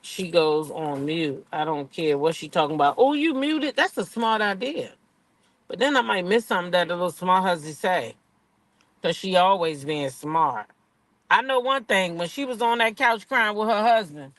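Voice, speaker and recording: A woman speaking rants from her car about reality TV. She is blunt and foul-mouthed, talking straight to her viewers. Her delivery is loud and animated, with her pitch jumping up on the points she makes most strongly. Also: normal speed. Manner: blunt, profane, animated, talks back to chat. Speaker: reality TV commentator. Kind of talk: casual rant to viewers. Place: in a car at a drive-through.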